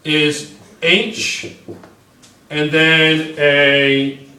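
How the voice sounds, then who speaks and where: A man's voice: on the high side, little pitch movement, extremely slow, pushed and bright. A man teaching a chemistry class, thinking aloud at the board, correcting himself and checking in with the students again and again. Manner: checks in constantly with "okay?", restarts and self-corrects. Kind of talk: classroom lecture at a whiteboard. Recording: echoey classroom, recorded from a distance.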